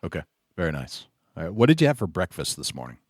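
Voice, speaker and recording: A man hosting a podcast interview, firing off quick questions and answering with short, soft acknowledgments. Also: low voice, very animated, no room sound, clean studio sound. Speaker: podcast host.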